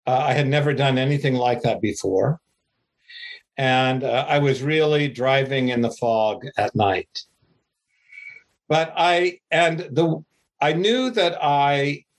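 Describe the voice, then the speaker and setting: An older man, an author, giving a slow, rambling, self-deprecating interview answer. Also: mid-range voice.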